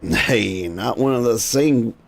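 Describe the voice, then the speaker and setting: A man's voice: mid-range voice, takes it slowly, vocal fry. A man voicing a grizzled old former sailor who grumbles in salty, slang. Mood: gruff. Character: grizzled old male ex-sailor, gruff and superstitious.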